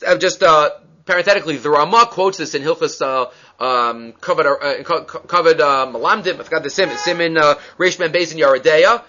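A man's voice: on the high side, fairly quick, pushed and bright. A man teaching a Talmud class, reading and translating the text and acting out the dialogue with animation. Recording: dull lo-fi recording.

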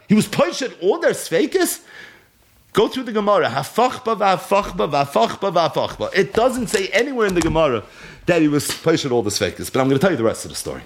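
A man teaching a Talmud lecture. He reads Aramaic text aloud, then translates it and tells the story with animated energy. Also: on the high side. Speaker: Torah teacher.

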